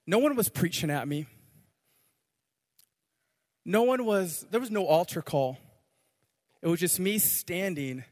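Male pastor, high-pitched, animated preaching in a big reverberant church. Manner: animated, repeats words, swings loud to soft. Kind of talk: sermon. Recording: long hall reverb.

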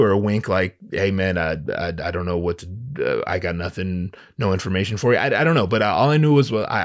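Profane, animated male storyteller. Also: medium pitch. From Southern California. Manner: animated, stammering restarts, profane slang. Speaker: podcast host. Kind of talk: casual storytelling.

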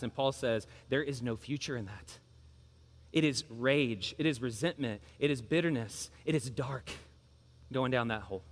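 Bright-voiced male pastor preaching in a hall. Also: high voice. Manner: earnest, emphatic preaching with repeated phrases. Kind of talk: sermon.

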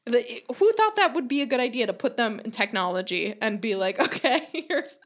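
This young woman's voice sits a little high and has a sing-song lilt at a normal speed. On a podcast she casually tells a comedic tale, cursing freely, voicing quotes and laughing often.

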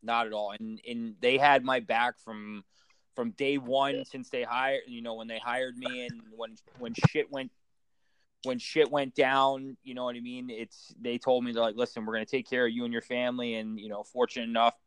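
A man in casual podcast chat, spinning profane stories and laughing often. His voice sits at an ordinary pitch. The recording is dry and close, with no room sound. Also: fairly bright tone, clear, resonant tone, dry recording.

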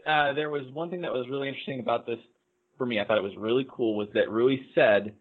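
A man on a podcast, calmly giving his analysis of an anime with frequent hesitations. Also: medium pitch. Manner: measured, analytical, hesitant fillers. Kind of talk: casual anime discussion. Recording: tinny phone-like line.

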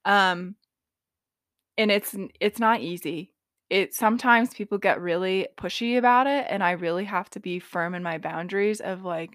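A woman's voice: medium pitch, dry recording, studio quality. A young adult woman hosting a solo podcast, talking casually with lots of "like" fillers and the odd swear. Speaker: podcast host and intuitive reader.

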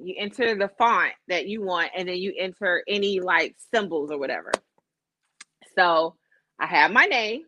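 A woman co-host telling a story in a casual chat, animated and profane. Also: medium pitch, no echo. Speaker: podcast co-host.

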